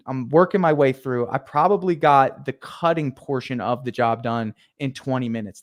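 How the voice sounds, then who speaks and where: A young man telling a story in casual talk as a podcast guest, acting out his own past lines with energy. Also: medium pitch. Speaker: podcast guest, painting contractor.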